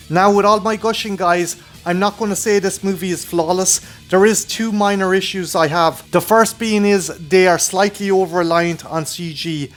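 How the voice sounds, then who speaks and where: A man's voice: high voice, a bit bright. An Irish man hosting his own film review channel, talking casually and enthusiastically with plenty of swearing. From Ireland.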